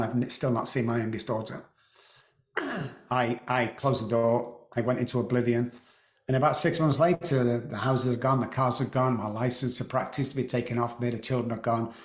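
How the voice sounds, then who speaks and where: A middle-aged man recounts his past slowly and haltingly, stumbling over words and clearing his throat. His voice sits at an ordinary middle pitch. The recording has a roomy echo around it. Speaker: guest. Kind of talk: emotional personal storytelling.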